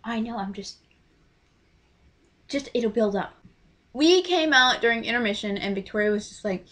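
A young woman telling a story to camera in a casual, gushing way, often trailing off into quiet asides. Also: mid-range voice, moderate pace, pauses often. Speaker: vlogger.

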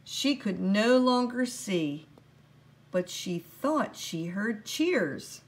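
Slow, gentle woman reading a storybook. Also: mid-range voice, animated, slight background noise. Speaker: storybook reader. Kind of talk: children's book read-aloud.

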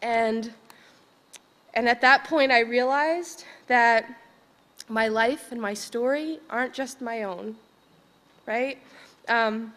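A woman's voice: a little high, slow, long pauses, fairly bright tone. A woman from Vermont and an educator, telling a personal story on stage with emotion, laughing often and checking in with the audience. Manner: emotional, laughs often, keeps asking "right?". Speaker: conference speaker, educator. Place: large conference hall. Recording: reverberant conference hall.

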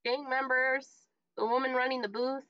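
A woman's voice: sits high, little pitch movement, normal speed, no echo. A woman game master narrating a tabletop game in a casual, offhand way. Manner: casual, describing scenes offhand. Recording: dry, dull lo-fi mic.

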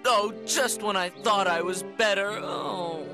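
A woman voicing a gentle, apologetic young male lion in a children's cartoon. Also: medium pitch, measured pace, lightly acted. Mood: fretful. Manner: fretful and apologetic. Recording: music playing under voice.

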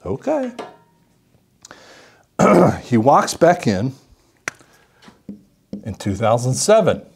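A male audiologist explaining a patient case as a lively story, acting out what the patient said. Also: medium pitch, slow pace, gravelly, slightly rough. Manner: animated storytelling, acts out the patient's lines.

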